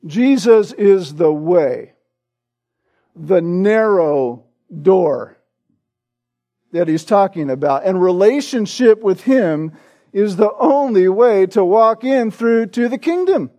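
A male pastor preaching a sermon with emphatic stress on repeated words, often tagging his points with a quick "right?". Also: high-pitched, animated, mellow. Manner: peppers points with "right?" tag questions.

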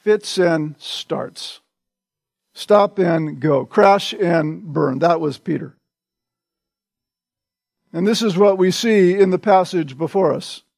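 A male pastor preaching a sermon in a slow, deliberate way, repeating short phrases for emphasis. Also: high voice, vocal fry, a little mellow, no echo.

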